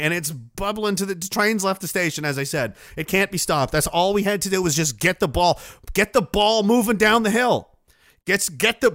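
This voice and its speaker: Profane, rambling, bright-voiced male host. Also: sits high, no echo, studio quality. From Nova Scotia, Canada. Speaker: livestream host. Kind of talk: casual livestream chat reading viewer messages.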